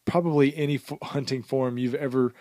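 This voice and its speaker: A man co-hosting a podcast, chatting casually and rambling with frequent fillers and quick laughs. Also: medium pitch, fairly even intonation, warm tone, dry recording, clean studio sound. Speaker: podcast co-host.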